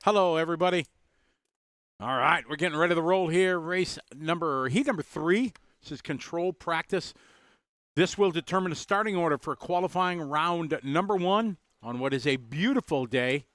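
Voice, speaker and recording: Chatty man with a smooth, higher voice. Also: moderate pace, a bit bright, no echo. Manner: chatty, greets viewers by name, loose and rambling. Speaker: race commentator and driver. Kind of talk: casual live race commentary.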